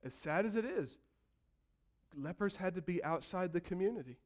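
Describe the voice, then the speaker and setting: A man preaching a sermon, telling the story vividly and acting out voices, building from quiet to loud calls. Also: sits high, expressive, normal speed. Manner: storytelling preacher, acts out quotes and builds to shouts. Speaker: pastor.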